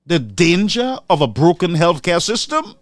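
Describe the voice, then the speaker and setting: A man's voice: sits high, big pitch swings, normal speed, no room sound, studio quality. A man giving angry, impassioned political commentary, ranting and firing rhetorical questions.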